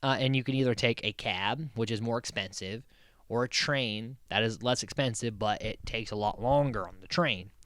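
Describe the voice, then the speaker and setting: A man's voice: medium pitch, moderate pace, a bit bright, dry recording, clean studio sound. A man hosting a casual recap podcast, rambling and amused, with many restarts and frequent laughs. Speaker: podcast host.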